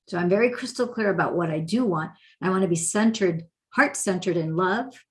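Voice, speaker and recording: A woman talks through meditation in a loose, conversational teaching voice at an ordinary pitch. She gets animated and acts out little inner conversations to make her point. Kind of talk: casual spoken teaching.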